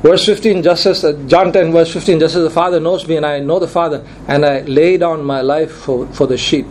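A man delivers a sermon from the pulpit of a church, his voice sitting a little higher than most men's. He drives his points home with emphatic repetition. A faint hiss runs underneath the recording. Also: steady tone, brisk, darkish tone, poor audio. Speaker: pastor.

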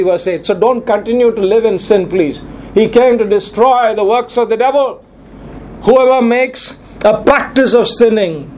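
A man delivers a sermon from the pulpit of a church, his voice sitting a little higher than most men's. He drives his points home with emphatic repetition. A faint hiss runs underneath the recording. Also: darkish tone, low-quality recording. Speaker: pastor.

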